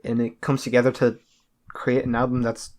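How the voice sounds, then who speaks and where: Monotone male podcast host. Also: mid-range voice, moderate pace. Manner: monotone delivery. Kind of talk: casual podcast chat.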